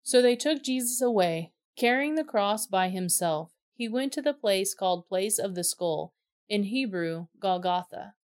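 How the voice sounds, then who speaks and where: A woman reading a scripture passage aloud, in plain, steady narration. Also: medium pitch, unhurried. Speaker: scripture reader.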